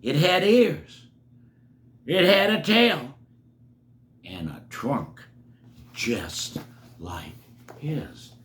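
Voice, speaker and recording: An older man reading a children's picture book aloud, animated and stopping to chat with the kids. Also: on the high side, drawn-out words, long pauses. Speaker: storybook reader for children.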